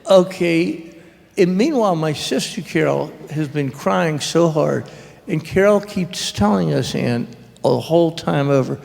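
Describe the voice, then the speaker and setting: A man telling a long personal story at a public author talk, rambling and earnest, with halting restarts. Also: on the high side, expressive, creaky, darkish tone. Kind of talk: storytelling conversation. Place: public library event hall. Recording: long reverb from a hall.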